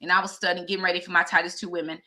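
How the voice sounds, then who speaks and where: Bright-voiced woman in her fifties. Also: fairly low pitch, flat delivery, racing. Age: 50s. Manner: heartfelt, conversational, addresses viewers directly. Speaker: vlogger and teacher. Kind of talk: candid personal vlog talk.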